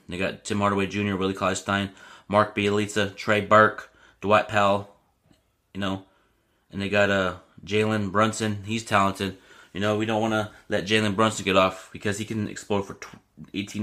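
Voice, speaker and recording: A young man hosts a casual sports podcast in a bright, forward voice. He talks loosely, ranting and getting worked up, and leans on filler like "you know what I mean". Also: fairly low pitch.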